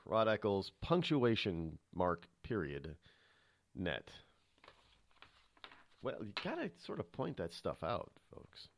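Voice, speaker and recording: A man's voice: fairly low pitch, no room sound. A man hosting a call-in radio talk show, rambling and self-promoting as he digresses.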